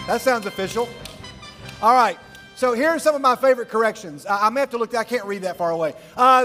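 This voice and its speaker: Middle-aged youth pastor, high voice, laughs through rambling funny stories, boomy hall. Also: male voice, lively intonation, fairly quick, fairly bright tone, faint music behind. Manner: jokey, rambling storyteller who laughs often. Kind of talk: humorous talk to a live youth audience. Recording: long reverb of a large hall.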